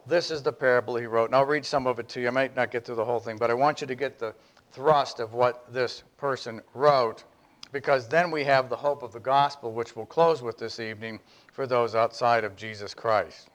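A man's voice: fairly even intonation, brisk, a bit bright. A man preaching an earnest, emphatic sermon and reading a text aloud to his congregation. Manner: earnest, emphatic, rises in pitch when reading. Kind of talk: sermon with read-aloud passage.

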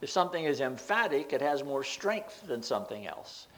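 A man's voice: mid-range voice, very animated, moderate pace, fairly bright tone, low-quality recording. Older man teaching a Bible study. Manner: meandering, explanatory, defines words step by step. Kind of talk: informal teaching talk.

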